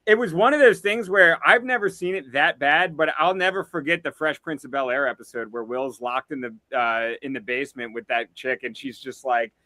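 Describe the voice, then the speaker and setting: A man's voice: mid-range voice, moderate pace, hardly any pauses, sharp tone, dry recording. A man chatting as a comedy guest, laid-back and rambling with lots of fillers. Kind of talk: casual comedic chat.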